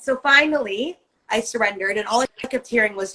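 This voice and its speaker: A woman's voice: fairly high pitch, moderate pace, pushed and bright, poor audio. A woman co-hosting a podcast in casual chat, candid and emphatic, swearing freely and acting out the voices in her head. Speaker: podcast co-host.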